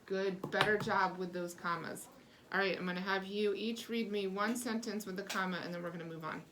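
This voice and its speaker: A woman's voice: medium pitch, fairly even intonation, brisk, noisy background. A woman reading teacher leading a small-group lesson, encouraging and lavish with praise, asking patient questions and explaining step by step.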